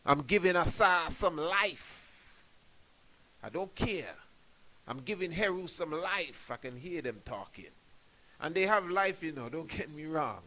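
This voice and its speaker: A man's voice: on the high side, lively intonation, a little slow, sharp tone, poor audio. A man, a priest giving a spiritual radio talk, emphatic and preaching, often tossing in rhetorical questions and "you know".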